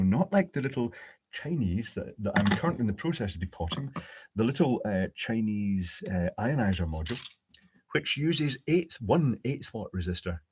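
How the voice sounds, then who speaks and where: A fairly low-pitched man talks through a live electronics build at his workbench, pausing to think aloud and slipping in dry jokes. Faint clicks of tools sit quietly behind his voice. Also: background noise. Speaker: electronics hobbyist host. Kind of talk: live-streamed workbench build, answering chat.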